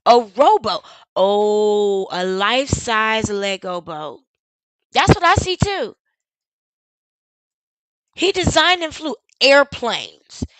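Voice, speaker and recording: High, bright-voiced woman streamer. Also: big pitch swings, slow, long pauses, dry recording, rough recording. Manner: sarcastic, incredulous questioning. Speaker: live stream host. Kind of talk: casual commentary over video.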